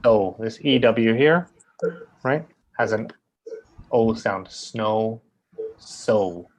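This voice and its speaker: A man teaching an English pronunciation lesson, drawing out model sounds slowly and often checking in with "right?". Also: fairly low pitch.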